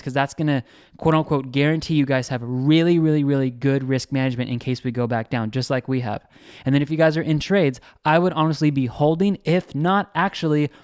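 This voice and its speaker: A man hosting a trading channel, giving casual market commentary in an energetic, salesy way with lots of repeats and restarts. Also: on the high side, no room sound, studio quality. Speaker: crypto trading channel host.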